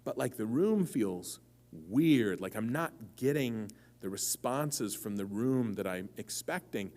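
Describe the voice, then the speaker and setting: A man's voice: lowish voice, expressive, slow, darkish tone. A man in his forties giving a jokey live talk to a convention audience, telling stories with playful quoted voices before a question-and-answer session. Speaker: author at a convention panel. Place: large convention room with audience. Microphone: handheld or stand mic.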